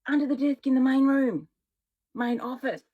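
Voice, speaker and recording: A woman's voice: high voice, normal speed, breathy edge, narrow, tinny audio, voice pushed up. A woman doing an urgent whispering teen boy. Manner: hushed, urgent.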